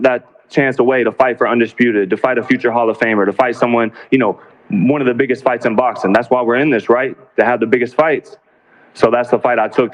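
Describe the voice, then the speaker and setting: A boxer speaking calmly and pointedly at a press conference, making cutting remarks about his opponent. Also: mid-range voice. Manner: calm, measured, cutting. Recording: dull lo-fi broadcast audio.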